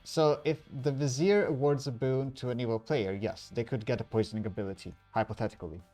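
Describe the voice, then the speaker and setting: A game storyteller running an online social deduction game over voice chat, brisk and matter-of-fact, thinking aloud between private calls on a home computer mic. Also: mid-range voice, warm tone, soft background music.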